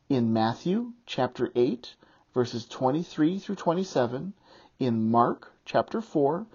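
Mellow, husky-voiced pastor preaching. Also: mid-range voice, highs cut off. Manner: reads scripture aloud in a measured preaching cadence. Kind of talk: sermon.

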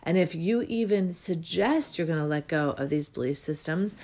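A woman's voice: on the low side, animated, a little mellow. Earnest woman hosting a spiritual talk. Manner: earnest, reflective, with drawn-out pauses. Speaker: host and life coach. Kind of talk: spiritual self-help monologue.

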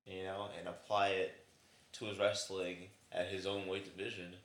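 A man's voice: deep voice, level tone, moderate pace, a bit bright, reverberant. A man chatting casually on a podcast, rambling and swearing freely as he reacts to a wrestling match. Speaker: podcast co-host. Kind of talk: casual chat.

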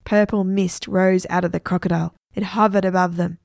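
Expressive woman reading a children's story. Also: lowish voice, brisk, creaky, hardly any pauses, dry recording, studio quality.

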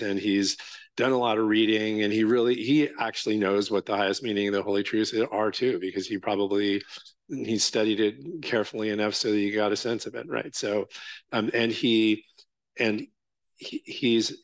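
A Zen teacher giving a dharma talk in a casual, halting way, full of fillers and check-ins with the listeners. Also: male voice, fairly low pitch, dry recording.

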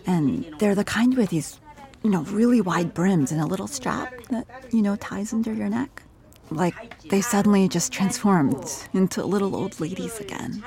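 A woman's voice: medium pitch, lively intonation, moderate pace, a crowd in the background. A woman in her thirties telling her own story as a radio reporter in a chatty way, full of "like" and restarts. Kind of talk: casual storytelling.

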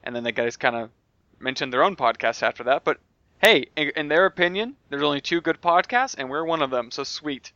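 A man from North Carolina chatting bluntly as a podcast co-host. His voice is a touch high and bright, recorded dry. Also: animated, fairly quick, no room sound, highs cut off. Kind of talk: casual chat.

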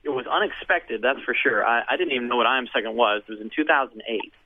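A man telling a personal story in a casual, animated way, acting out what others said. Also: mid-range voice, fast talker. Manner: animated, acts out quoted voices. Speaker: guest telling his story. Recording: phone-like radio audio.

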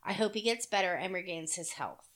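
A woman co-hosting a casual podcast chat, blunt and crude, cracking dark jokes and swearing freely. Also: on the low side, brisk. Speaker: podcast co-host.

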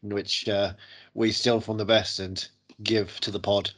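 A man's voice: fairly low pitch, level tone, measured pace, fairly bright tone. A man co-hosting a podcast in casual chat, joking and rambling and swearing freely. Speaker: podcast co-host.

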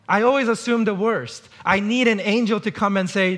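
A man's voice: high voice, normal speed, hardly any pauses, fairly bright tone. A middle-aged male pastor preaching a sermon in a conversational way, acting out quotes to illustrate his points.

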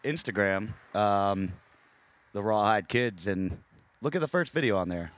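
A man co-hosting a casual comedy podcast, relaxed and easily amused, sometimes doing a mock sports-announcer call. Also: fairly low pitch, unhurried. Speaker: podcast co-host.

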